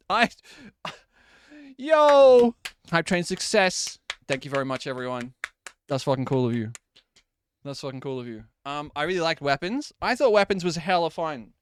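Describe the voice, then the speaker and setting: A man in his twenties chatting casually with viewers on a live stream, animated and quick to swear. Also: a little high, slight background noise. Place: at home at his desk.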